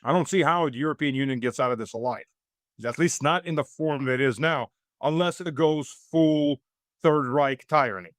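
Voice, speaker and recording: A man's voice: fairly high pitch, normal speed, a bit bright, no room sound, studio quality. A middle-aged man from the United States giving blunt, sardonic commentary as an interview guest, with many hesitant fillers.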